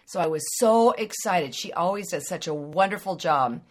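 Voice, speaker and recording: A middle-aged woman hosting a quilting podcast, telling a story in a chatty, animated way and laughing along the way. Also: on the low side, normal speed. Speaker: podcast host. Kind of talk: casual storytelling monologue.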